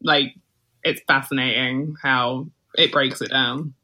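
A woman's voice: rumbling low, fairly even intonation, takes it slowly, pushed and bright. A woman co-hosting a podcast in casual chat, peppering her talk with "like" and laughing often. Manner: chatty, many "like" fillers, laughs often. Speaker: podcast co-host.

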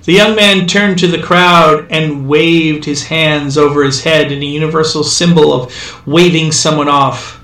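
Bright, wry male storyteller, echoey. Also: on the high side, steady tone, a little slow. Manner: wry, dry comic timing. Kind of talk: scripted narration. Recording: echoey room, distant mic.

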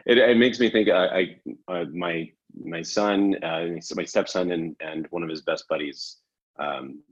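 A man's voice: sits low, unhurried, husky, highs cut off. A man hosting a casual chat, rambling and self-correcting and laughing often. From Canada. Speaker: podcast host.

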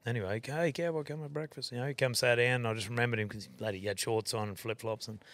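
A man's voice: lowish voice, fairly even intonation, very fast, a bit bright. A man with an Australian accent, a podcast guest telling a rambling, swear-filled story and correcting himself as he goes. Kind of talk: casual storytelling.

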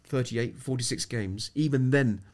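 A middle-aged English man, a sports psychologist appearing as a podcast guest, tells stories in a reflective, anecdotal way and frequently restarts his sentences. His voice is mid-range and he speaks at a normal pace.

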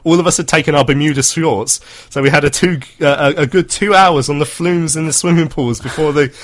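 A man's voice: on the high side, brisk, fairly bright tone. A man in his thirties hosting a casual football chat, chatty and laughing often as he reads out listener messages. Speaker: football podcast host.

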